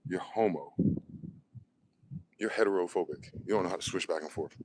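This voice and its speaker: A man with a low-pitched voice delivers a heated, profane monologue. He fires off questions and answers them himself in a confrontational way. Faint noise and clicks sit under the recording. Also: moderate pace, a little mellow, rough recording. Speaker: online video host. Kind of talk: ranting monologue.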